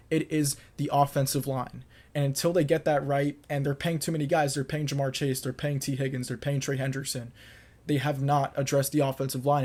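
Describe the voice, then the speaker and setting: A man's voice: mid-range voice, a little mellow. A young man hosting his own podcast, delivering confident football predictions in a solo monologue and repeating points for emphasis. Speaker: podcast host. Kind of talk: solo sports picks monologue.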